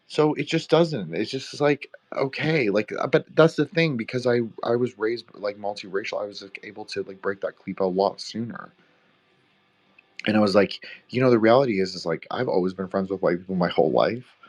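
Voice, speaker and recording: A man's voice: lowish voice, normal speed. A young man from Canada, co-hosting a podcast roundtable in a rambling, profane, filler-heavy casual chat. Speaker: podcast co-host.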